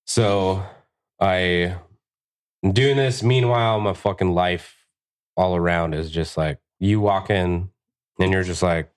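A deep-voiced man swapping shop stories as a guest on a podcast. He swears freely and leaps into his own retellings of what people said, jumping up in pitch for the punchlines. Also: slow pace, long pauses, clear, resonant tone. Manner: profane, animated, acts out quotes. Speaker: tattoo artist guest. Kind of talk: casual storytelling.

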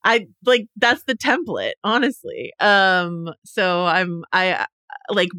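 A woman's voice: lowish voice, expressive, sharp tone, clear, resonant tone, no room sound, clean studio sound. A woman co-hosting a casual pop-culture chat, chatty and playing out imagined dialogue. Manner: chatty, quick restarts, plays out imagined dialogue. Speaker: podcast co-host.

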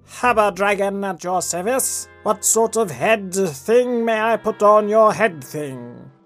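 A man voicing a small, prim male dragon who makes hats, speaking slowly and politely with a clipped, grudging manner. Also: sits high, a bit bright, faint music behind. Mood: prim shopkeeper.

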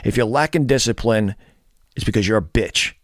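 A man's voice: on the low side, moderate pace, no room sound, studio quality. A man ranting bluntly to camera as a fitness and dating vlogger, profane, scornful and lecturing.

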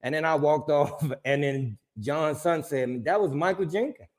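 A man's voice: on the high side, normal speed. A man co-hosting a casual podcast chat, telling stories with lots of swearing and acted-out quotes. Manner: animated storyteller, swears freely, acts out quotes. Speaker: podcast co-host.

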